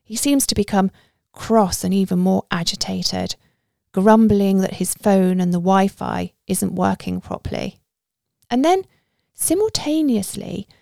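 Woman reading her story aloud, lots of vocal fry, dry close sound. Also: medium pitch, animated, unhurried, dark tone, dry recording. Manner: conversational first-person telling. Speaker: narrator. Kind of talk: storytelling narration.

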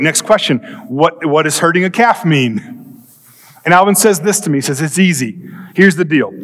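A man preaching in church, telling a comic story with animated bursts of speed and drawn-out pauses. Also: high voice. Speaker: pastor. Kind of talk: storytelling sermon. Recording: long hall reverb.

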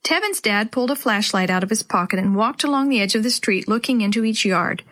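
A woman reading a chapter book aloud to children as host, with clear, expressive storytelling. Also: mid-range voice, fast talker.

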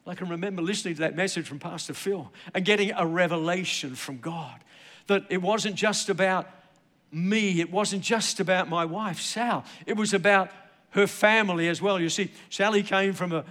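Middle-aged male pastor, high voice, emphatic storytelling sermon, long hall reverb. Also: fairly bright tone. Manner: emphatic storytelling preacher with repeated "I gotta tell you".

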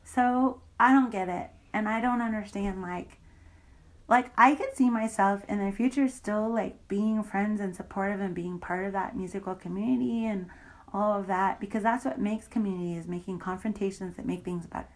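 A woman's voice: mid-range voice, moderate pace, poor audio. A woman in an interview, bluntly recounting a personal story with heavy profanity and indignant emphasis.

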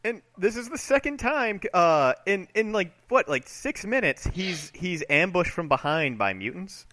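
A man co-hosting a comic-book podcast, chatty and quick to laugh at his own jokes. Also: high voice, big pitch swings, bright, forceful tone. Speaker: podcast co-host.

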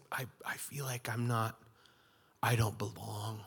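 A man's voice: on the low side, fairly even intonation, a little slow, gravelly, a bit bright, husky. A man preaching a sermon in a conversational, storytelling way, acting out quotes in his stories. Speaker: pastor.

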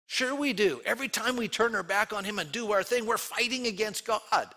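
Man, pastor, sermon, bright and forceful tone, somewhat high voice, earnest and emphatic. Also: brisk, few pauses. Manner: earnest, emphatic preaching with rhetorical questions.

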